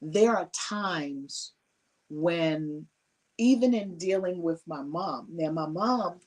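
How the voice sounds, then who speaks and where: A woman's voice: fairly low pitch, slow, a little mellow, distant mic. A woman speaking on a conference panel, giving earnest and emotional personal testimony and often laughing.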